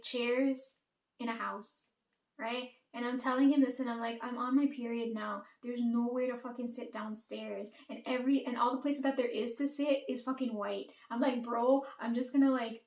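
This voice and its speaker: A woman's voice: a little high, a little mellow. A young woman telling a rambling, casual story about her life, swearing freely and acting out what others said to her. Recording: roomy echo, distant from mic.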